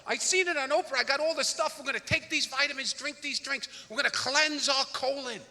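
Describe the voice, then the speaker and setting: A man voicing his excited wife as she eagerly pushes a new cleanse, on a live stage. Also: sits high, a little fast, voice pushed up. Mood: enthusiastic. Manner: eager, breathless selling. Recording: theater reverb, faint room noise.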